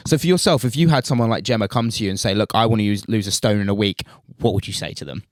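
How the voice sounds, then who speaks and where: A man with a fairly low voice hosts a relaxed podcast chat. He talks things through with long explanations and everyday examples. The sound is dry and close. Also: racing, no room sound. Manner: explanatory, lays out examples at length. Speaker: podcast host.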